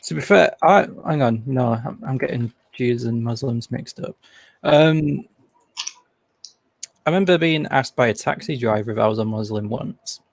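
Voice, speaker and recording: A man's voice: medium pitch, moderate pace, creaky. A man joining a livestream over a video call, chatting casually with dry, self-deprecating humor. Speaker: guest on a live stream. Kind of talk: casual chat.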